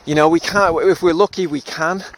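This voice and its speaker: A man's voice: a little high, fairly even intonation, a little fast, fairly bright tone, slight background noise. A man hosting a solo podcast, reflecting in a thoughtful, self-deprecating way with fillers and frequent laughs. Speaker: podcast host and therapist.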